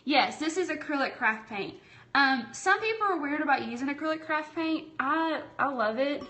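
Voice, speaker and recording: A Tennessee woman with a Southern accent and a slightly high voice runs a relaxed live painting tutorial, streamed through a tablet app. Speaking at normal speed, she chats warmly as she works, reads viewer comments aloud, and calls everyone y'all.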